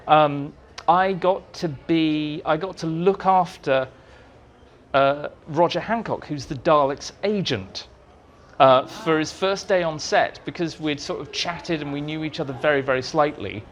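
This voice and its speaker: Lively man telling showbiz anecdotes. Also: fairly high pitch, moderate pace, slight background noise. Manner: animated, acts out quotes in voices. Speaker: interview guest, writer. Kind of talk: anecdotal storytelling. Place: society meeting room.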